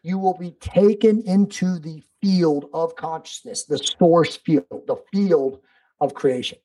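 A man's voice: a little high, slow pace, dark tone, rough recording. A man speaking as a podcast guest in casual conversation, emphatic and preachy, swearing freely.

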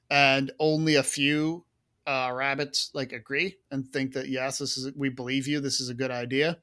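A man co-hosting a casual podcast chat, animated and full of fillers and asides. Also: mid-range voice, normal speed. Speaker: podcast co-host.

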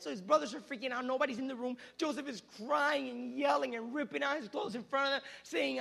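A man's voice: very high voice, normal speed, creaky, fairly bright tone, breathy edge. A man preaching as a youth pastor, retelling a story dramatically with lots of repetition. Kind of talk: sermon.

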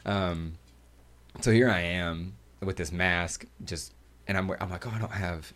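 Guy with a lowish voice rambling through funny crude stories, casual podcast chat. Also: unhurried. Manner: crude, joking, animated storyteller. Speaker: cosplayer guest.

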